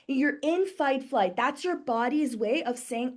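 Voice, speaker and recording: Higher-voiced woman teaching a webinar. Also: a little mellow. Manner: conversational, acts out everyday examples with quick voiced reactions. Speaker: somatic wellness teacher. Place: her home office.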